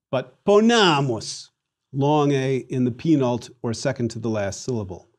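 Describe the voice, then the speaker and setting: A theatrical, animated man teaches Latin in a recording, having his students repeat after him. His voice is mid-range.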